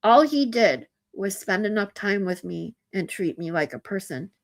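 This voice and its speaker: A woman streamer talking to her chat in a casual live stream, earnest and heartfelt, often halting and restarting her sentences. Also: mid-range voice, expressive.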